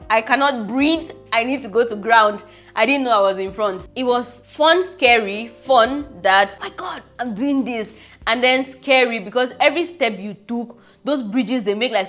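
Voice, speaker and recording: Lively Cameroonian woman telling travel stories. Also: a little high. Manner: animated, laughing, acts out quotes. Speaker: travel vlogger. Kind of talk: casual travel storytelling. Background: soft background music.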